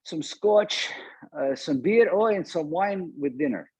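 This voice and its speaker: A man's voice: a little high, expressive, a little slow, husky, no room sound, pitched above the performer's own voice. A man doing a blunt old man in his eighties. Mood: matter-of-fact. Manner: matter-of-fact, plainspoken.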